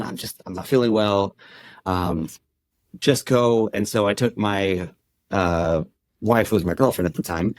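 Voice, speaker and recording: Man, podcast guest, lower pitch, conversational storytelling, quotes dialogue, dry sound. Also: no echo. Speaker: podcast guest, endurance club founder. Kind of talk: personal storytelling in an interview.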